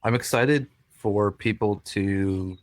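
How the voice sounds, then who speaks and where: A man's voice: on the low side, takes it slowly. A man co-hosting a casual faith podcast, laid-back and dropping wry one-liners. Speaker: podcast co-host. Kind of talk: casual conversation.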